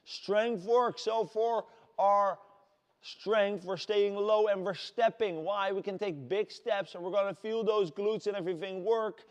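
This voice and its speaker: A man with a Dutch accent leading a workout class as fitness coach, shouting energetic encouragement. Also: high-pitched, measured pace, smooth. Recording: long hall reverb.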